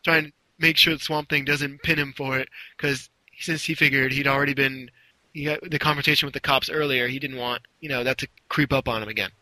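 A man's voice: medium pitch, steady tone, brisk, bright, forceful tone, no echo, rough recording. A man casually telling a long story, rambling a little and acting out the quotes. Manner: rambling, with restarts and acted-out quotes.

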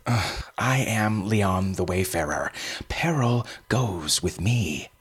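Storybook swordsman: young, cocky, grandiose, as a male reader does him, husky edge. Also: on the low side, slow pace, pitched above the performer's own voice, full character voice. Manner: swaggering, grandiose.

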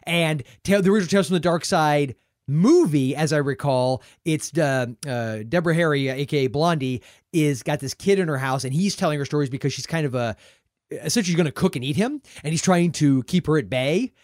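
An enthusiastic man co-hosting a film podcast, rambling through opinions with restarts and asides. His voice sits slightly high. The sound is dry and close, with no room echo. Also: animated, fairly quick, a little mellow. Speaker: podcast co-host. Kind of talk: casual movie-review chat.

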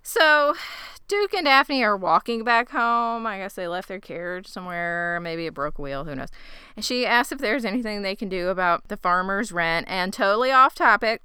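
Crisp bright-voiced woman recapping casually. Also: medium pitch, lively intonation, normal speed, no room sound. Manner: playful, sarcastic, laughs often. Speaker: podcast co-host recapping a TV episode.

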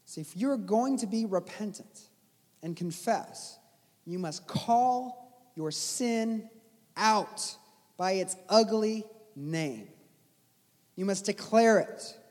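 A man with a high speaking voice preaches an earnest sermon, driving his points home through repetition. His words ring out with a long reverb, as in a large hall. He sounds like a pastor exhorting his congregation. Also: animated, slow pace, darkish tone. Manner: earnest, exhorting with repeated phrases.

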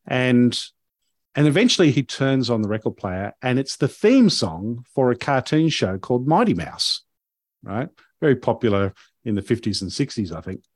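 A man's voice: medium pitch, sing-song, moderate pace, no echo, clean studio sound. A man hosting a podcast, telling a story in a casual, rambling way with many fillers and restarts.

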